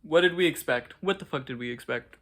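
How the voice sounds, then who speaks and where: A man's voice: on the high side, a little fast, fairly bright tone. A man giving casual, gushing reaction commentary to a show, swearing and saying "like" a lot. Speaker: reaction vlogger.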